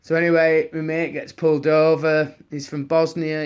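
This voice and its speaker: A man's voice: fairly high pitch, monotone, normal speed, clean tone, highs cut off. A man with an English accent answering questions and telling a rambling anecdote, full of restarts and slang. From England. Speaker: person answering audience questions. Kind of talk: casual Q&A storytelling.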